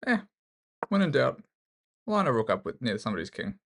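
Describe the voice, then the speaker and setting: Aussie guy talking thru his chess game, jokey, gravelly, voice jumps around a lot. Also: mid-range voice, very animated, brisk, fairly bright tone. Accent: Australian. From Australia. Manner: jokey, thinks aloud, self-mocking. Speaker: chess streamer. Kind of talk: casual commentary while playing online chess.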